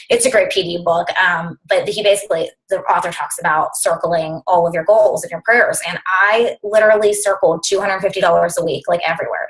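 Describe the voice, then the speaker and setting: A woman's voice: medium pitch, low-quality recording. A young woman coaching her team over a video call, talking bluntly and with lots of fillers. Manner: blunt, animated, filler-heavy.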